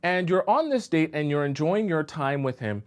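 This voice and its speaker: A man's voice: a little high, animated, normal speed. A man talking as a dating coach on a live-stream advice show, conversational and often checking in with his audience. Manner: conversational, checks in with rhetorical questions.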